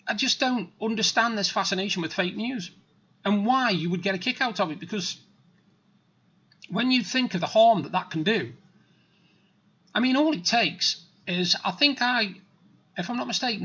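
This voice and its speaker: A man's voice: high-pitched, bright, forceful tone, slightly rough, muffled recording. A middle-aged man telling stories in a plain-spoken, rambling, blunt way. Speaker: vlogger. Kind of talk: casual storytelling monologue.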